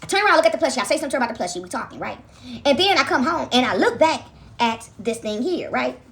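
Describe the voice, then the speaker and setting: A fast-talking woman with a high, bouncing voice tells a home story straight to her viewers. She keeps checking in with them, chats loosely and laughs along as she goes. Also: very animated, fairly bright tone. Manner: chatty, addresses viewers as "y'all", frequent "right?"; laughs often while telling stories. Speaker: vlogger.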